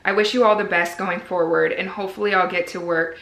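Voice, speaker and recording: A woman's voice: on the low side, steady tone, brisk, gravelly, bright, forceful tone. Chatty young woman in an echoey room. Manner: chatty, frequent "like" fillers, candid and earnest. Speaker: medical resident vlogger. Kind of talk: casual vlog talk to camera.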